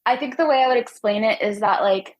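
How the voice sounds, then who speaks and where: Young woman talking fast and bubbly, bit out of breath, laughs a lot. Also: fairly high pitch, rough recording. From United States. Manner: chatty, upbeat, laughs often. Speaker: singer and guest. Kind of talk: casual interview chat.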